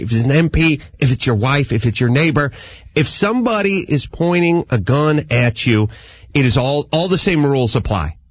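A man with a slightly husky, gritty voice rants through a casual comedic talk show in a studio. His pitch swings widely as he jumps into high, yelping impressions of the people he describes. The sound is close and dry. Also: no echo. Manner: animated ranting, mimics people in high yelps.

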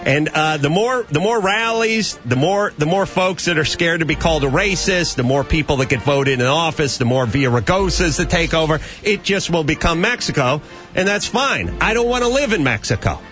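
A man's voice: on the high side, lively intonation, moderate pace, fairly bright tone, soft background music. A man hosting a talk radio show from a studio, ranting emphatically with sarcastic rhetorical questions. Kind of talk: talk radio banter and rant.

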